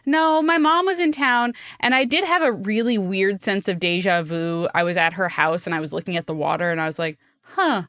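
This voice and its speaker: A woman in her thirties co-hosting a podcast, dry and quick with her reactions. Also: medium pitch, steady tone, fairly bright tone, no room sound. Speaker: podcast co-host. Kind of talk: casual chat.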